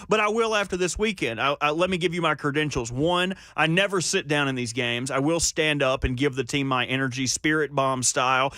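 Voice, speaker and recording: A man co-hosting a sports radio show, joking and excitable in casual banter in a radio studio. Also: fairly high pitch, fairly quick, few pauses, no echo.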